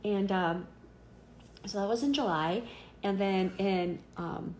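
A middle-aged woman with a mid-range voice shares a personal faith story in a relaxed, conversational way. She talks with plenty of ums and likes. She is earnest and animated when she acts out what others said. A faint hiss sits under her voice. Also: mid-range voice, slow pace, reverberant. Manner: chatty, earnest, full of fillers. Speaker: interviewee.

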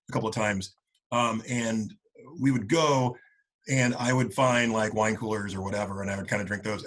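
Husky guy, late 40s, rambly storytelling with old buddies, lots of "like". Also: medium pitch, low-quality recording. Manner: acts out friends' lines in animated voices. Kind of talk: casual storytelling among old friends.

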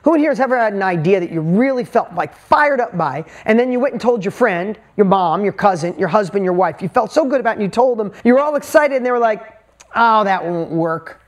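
A woman's voice: mid-range voice, animated, fast, few pauses. A woman motivational speaker addressing a live audience from a stage, talking in short punchy bursts and firing rhetorical questions at the crowd.

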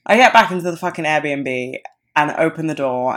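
Low-voiced young woman telling a story. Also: expressive, normal speed, a bit bright. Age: 20s. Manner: swears freely, acts out quoted dialogue. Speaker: podcast host. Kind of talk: casual storytelling monologue.

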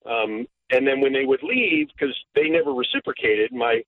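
A man's voice: mid-range voice, normal speed, no room sound. A man calling in to a radio show, telling a family story in a chatty way. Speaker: caller. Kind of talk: phone-in storytelling. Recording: tinny phone line.

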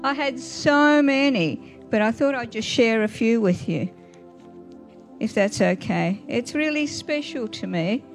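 An older woman, preaching a sermon in a chatty, warm way and asking the congregation questions. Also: a little high, measured pace, faint music behind.

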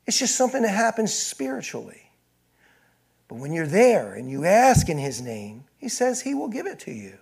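A man's voice: sits high, wildly swooping pitch, normal speed, creaky, darkish tone, husky. A male pastor preaching a sermon, reading scripture aloud and building in intensity as he addresses the congregation.

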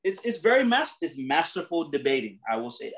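High-voiced man telling a story. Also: big pitch swings, a little fast, a bit bright, rough recording. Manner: storytelling, acts out quoted exchanges, laughs often. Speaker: podcast co-host. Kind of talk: casual chat.

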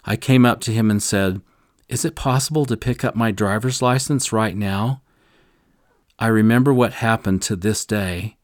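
Older man, low-pitched, earnest scripture teacher, dry close recording. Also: moderate pace, dry recording. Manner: earnest storytelling with solemn emphasis. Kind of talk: scripture discussion with personal story.

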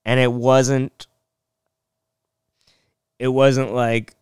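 A man's voice: medium pitch, level tone, extremely slow, clean tone, no room sound, studio quality. A young man hosting a podcast, telling rambling self-mocking stories and laughing often. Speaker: podcast host. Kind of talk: casual storytelling monologue.

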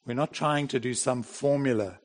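A man's voice: mid-range voice, normal speed. A middle-aged man preaching a sermon in a plain, conversational way, with bursts of emphasis. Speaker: pastor.

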